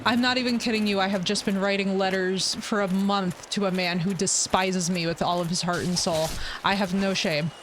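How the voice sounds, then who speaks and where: A woman live-streaming a game, rambling candidly and joking in loose slang. Her voice sits mid-range for a woman. A steady noise runs under the live audio. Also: medium pitch, normal speed. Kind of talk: casual chat while playing.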